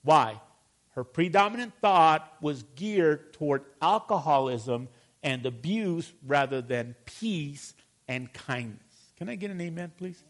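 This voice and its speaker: A man's voice: lively intonation, unhurried. A man preaching a sermon to his congregation, calling for responses and asking them questions. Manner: drops to a low mutter on repeated verses. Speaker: pastor.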